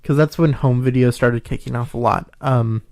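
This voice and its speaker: A man co-hosting a casual podcast chat, explaining background at length and filling pauses with ums. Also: medium pitch, steady tone, creaky, a little mellow. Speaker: podcast co-host.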